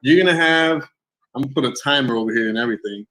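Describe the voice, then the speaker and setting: A man hosting a casual online interview, relaxed and easygoing, often trailing off with fillers. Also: medium pitch, fast, rough recording. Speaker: interview host.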